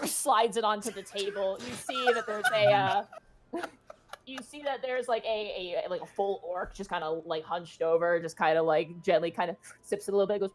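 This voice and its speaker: A woman running a tabletop game, narrating scenes in a loose, rambling way. She fills her descriptions with "like" and "uh" and keeps a steady mid-range pitch. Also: moderate pace. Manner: casual, rambling, full of "like" and "uh". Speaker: game master.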